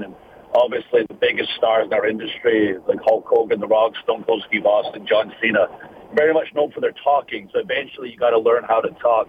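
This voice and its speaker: A Scottish man in his thirties, a wrestler, telling his story in an earnest, reflective way over the phone. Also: on the low side. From Scotland. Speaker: guest wrestler. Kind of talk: casual interview over the phone. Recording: tinny phone line with faint noise.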